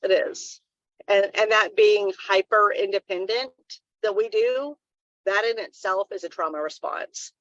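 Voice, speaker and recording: A woman's voice: medium pitch, unhurried, a bit bright, no echo, lo-fi sound. A woman co-hosting a live wellness talk stream, giving earnest advice in a casual, rambling way.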